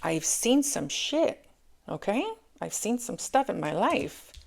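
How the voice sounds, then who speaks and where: A woman's voice: medium pitch, very animated, slow pace, vocal fry. A woman doing a casual, chatty tarot reading, often checking in with "okay?" and calling her listeners angels. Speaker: tarot reader.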